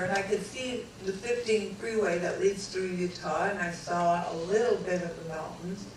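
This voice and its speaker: A woman telling a dramatic personal story to an audience, acting out the dialogue in lively voices. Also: medium pitch, a little hiss or hum. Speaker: speaker recounting a near-death experience. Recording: echoey hall recorded from far off, faint ambience.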